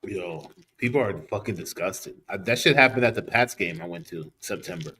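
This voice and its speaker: A man's voice: fairly low pitch, animated, normal speed, pushed and bright. A man co-hosting a podcast in a studio, chatting casually in blunt, profane, slang-heavy talk. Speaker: podcast co-host. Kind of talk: casual chat, storytelling.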